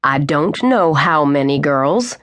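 Lady doing a strict but patient dad, slow and firm, a bit lower. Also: expressive, fairly bright tone, full character voice. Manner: measured, firm. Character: stern but patient middle-aged father.

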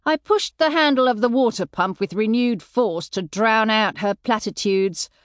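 A woman narrating a historical novel audiobook in the first person, with expressive storytelling. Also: a little high, moderate pace, no echo, clean studio sound.

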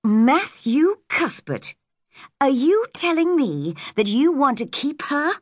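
A woman reading an audiobook, voicing a stern, practical older woman who speaks briskly and firmly. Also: fairly high pitch, huge pitch swings, breathy edge, dry recording, clean studio sound, pitched above the performer's own voice, heavily acted. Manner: brisk and firm.

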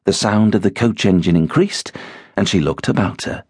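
A man narrating an audiobook in an expressive, measured storytelling manner. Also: on the low side, dry recording, clean studio sound. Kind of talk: scripted narration.

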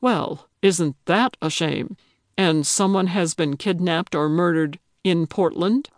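A woman doing a deadpan grumpy man. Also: lowish voice, slow pace, no room sound, clean studio sound. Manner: deadpan, condescending. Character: dry, sardonic grumpy man.

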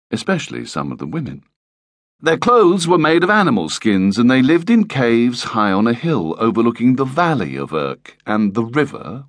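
A man's voice: medium pitch, dry recording, studio quality. A man narrating a children's audiobook in a playful, lightly comic storytelling manner.

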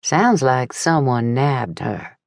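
A woman playing a playful audiobook friend with a wry, unhurried delivery, dry and close. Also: extremely low pitch, very animated, gravelly, no room sound, heavily acted.

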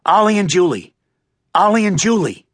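Guy doing a panicked dad yelling for his kids, kinda high and raw. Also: very animated, moderate pace, no echo, studio quality, heavily acted. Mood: frantic. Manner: shouting in panic. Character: desperate frantic father, grown man.

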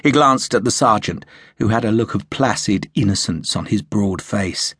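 A man narrating an audiobook in a measured, storytelling manner. His voice is low and husky. The recording is close and dry, with no room sound. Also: fairly bright tone, no room sound. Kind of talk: scripted narration.

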